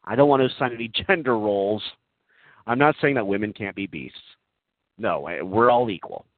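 A man doing comedic, earnest role-play for an online group chat. He talks in a gentle, overly earnest way, full of giggles and ums. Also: lowish voice, lively intonation, moderate pace, no echo. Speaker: comic prankster addressing an online group chat. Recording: tinny phone-like sound, dry.

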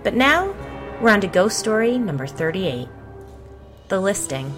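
A woman's voice: medium pitch, big pitch swings, measured pace, music in the background. A woman hosting a podcast and narrating a ghost story in a wry first-person voice, acting out the dialogue.

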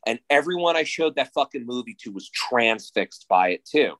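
A man in his thirties from New Jersey, a podcast guest telling stories in a casual, excitable and profane way. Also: a little high, moderate pace, few pauses, rough recording. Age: 30s. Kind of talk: casual chat.

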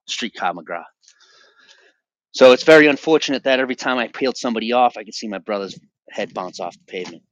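A man's voice: mid-range voice, fast, dry recording, lo-fi sound. A man in his forties from the Boston area, a podcast guest telling his personal testimony in an intense, emphatic way with frequent restarts. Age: 40s.

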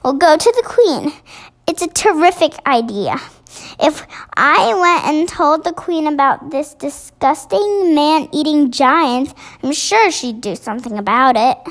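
A woman's voice: high-pitched, lively intonation, measured pace. A woman reading the part of a spirited, outspoken young girl in a storybook reading, emphatic and indignant.

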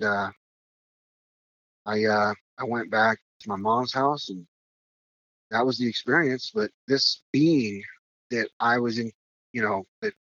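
A man's voice: mid-range voice, fairly bright tone, dry recording, highs cut off. A man recounting a strange experience as a podcast guest, rambling with many fillers and restarts. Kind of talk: casual storytelling.

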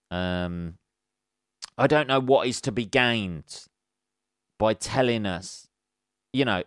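A man's voice: medium pitch, fairly bright tone, smooth, no room sound, clean studio sound. A man hosting a podcast alone, rambling in a casual, sweary, sarcastic way and laughing at his own jokes. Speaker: podcast host. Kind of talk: casual solo monologue.

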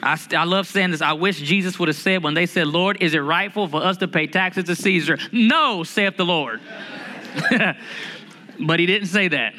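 Male pastor, high bright voice, humorous lively sermon delivery. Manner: lively, humorous preaching with drawn-out emphasis.

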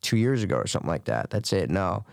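A man's voice: sits low, fast talker, vocal fry, no echo. Man telling a story in dry sound. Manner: animated storytelling with acted quotes. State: recovering from illness. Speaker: podcast co-host. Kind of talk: casual chat.

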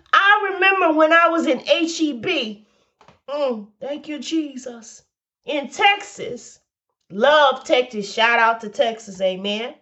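A woman's voice: sits high, a bit bright, dull audio. A woman preaching a devotional message, exhorting listeners and repeating calls of encouragement, a little tearful. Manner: exhorting, repeats "come on now".

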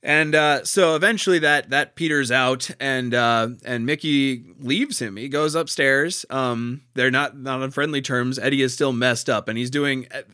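A man with a bright, forceful and smooth voice, discussing a play in casual talk. He speaks haltingly, pausing and restarting as he gathers his thoughts. The sound is close and dry. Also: medium pitch, no echo. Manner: halting, many fillers and restarts, laughs easily.

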